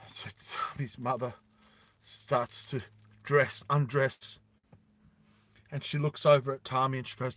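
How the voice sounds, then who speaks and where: Slow, bright-voiced male storyteller. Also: mid-range voice, little pitch movement. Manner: slow deliberate with emphatic repeats. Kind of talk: dramatic storytime narration.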